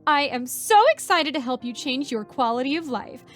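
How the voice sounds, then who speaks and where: A woman's voice: high-pitched, normal speed, faint music behind, pitched above the performer's own voice, close to an everyday voice. A woman voicing a sweet but creepy motherly woman who runs a medical experiment, speaking in a sing-song, overly soothing way. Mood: sweetly sinister.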